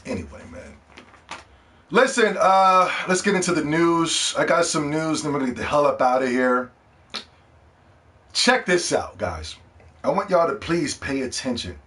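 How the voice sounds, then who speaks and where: A man's voice: fairly high pitch, animated, measured pace, long pauses, pushed and bright. A man hosting a podcast in a casual, profane, sarcastic rant. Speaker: podcast host.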